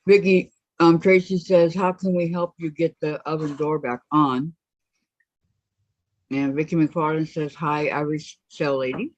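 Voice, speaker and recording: A woman's voice: low voice, fairly even intonation, unhurried, a little mellow, no echo. A woman hosting a casual craft livestream, reading viewers' chat comments aloud and answering them. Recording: dull lo-fi stream audio.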